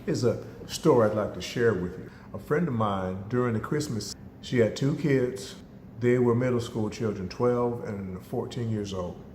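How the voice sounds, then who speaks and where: A man's voice: medium pitch, a little hiss or hum. A man giving a motivational talk, speaking emphatically and addressing listeners directly, with stories woven in. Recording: echoey hall reverb.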